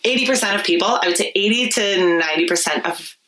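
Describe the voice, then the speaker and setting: A woman talking casually on a podcast about her healing practice. She tells lively stories and acts out the voices she quotes. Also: medium pitch, fast, rough recording. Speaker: podcast guest, Reiki practitioner.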